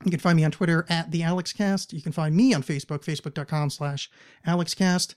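A male podcast host runs through his announcements in a loose, rambling way, tossing in joking asides as he goes. His voice sits a little on the high side for a man. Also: steady tone, quick pace. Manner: rambling, jokey, self-deprecating asides. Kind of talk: casual podcast intro with plugs. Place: Portland, Oregon.

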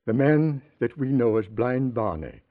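A man's voice: mid-range voice, animated, unhurried, lightly acted. An actor playing a genteel, earnest man who runs a charity house, in 1940s radio acting style. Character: pious male charity house owner. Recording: tinny old radio broadcast.

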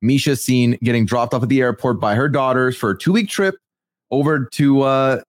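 A man hosting a podcast, recapping in casual chat in a measured, reflective way. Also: mid-range voice, no room sound. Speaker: podcast host.

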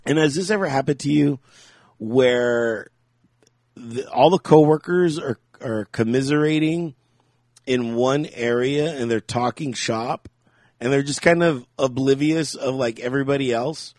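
A man's voice: mid-range voice, measured pace, a little mellow, dry recording, studio quality. A man co-hosting a podcast in casual chat, telling rambling stories, laughing often and acting out what people said. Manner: rambling storyteller, laughs often, acts out quotes. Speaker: podcast co-host.

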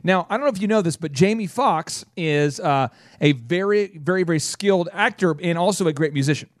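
A man with a bright, fairly high voice hosts a business radio show and tells a long story at full tilt. He acts out what people said in quick bursts. His voice sounds close and dry in the studio. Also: lively intonation, dry recording.

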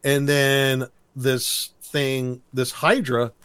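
A man's voice: mid-range voice, extremely slow, clean tone. Guy on a podcast retelling a cartoon, laughing a lot, doing silly voices for the lines. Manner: animated, laughing, acts out quotes in silly voices. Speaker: podcast co-host recapping a cartoon. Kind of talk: casual chat.

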